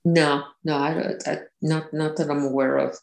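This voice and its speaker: A woman's voice: low-pitched, level tone, normal speed, creaky, darkish tone. A woman guest recounting personal experiences, hesitant, with many restarts and fillers. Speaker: interview guest. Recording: roomy echo.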